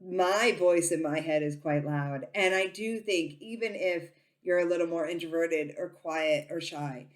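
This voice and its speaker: A woman who reads tarot, talking casually to her viewers and saying she talks very loudly, with lots of ums and restarts. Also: on the low side, measured pace, few pauses. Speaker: tarot reader and psychic. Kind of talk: casual informational talk to camera.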